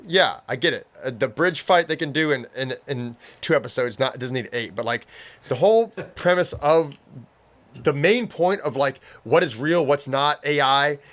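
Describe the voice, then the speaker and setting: Man, rather high voice, rambling casual co-host of an anime review chat. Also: fairly bright tone. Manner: rambling, restarts a lot, acts out quotes. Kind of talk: casual reaction discussion.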